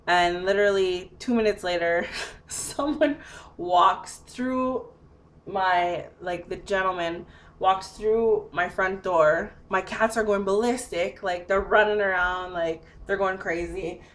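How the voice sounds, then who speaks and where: A woman's voice: medium pitch, slow pace. A young woman recounting a personal mishap in a casual, chatty way. She laughs often as she talks, and her sentences are strung together with plenty of fillers. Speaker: storyteller. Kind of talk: casual anecdote telling.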